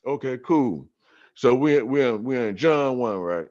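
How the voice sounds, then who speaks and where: A man on a podcast telling a story about scripture in a casual, profane, streetwise way, getting animated and repeating himself. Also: mid-range voice, unhurried. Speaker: podcast guest. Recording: dull lo-fi sound.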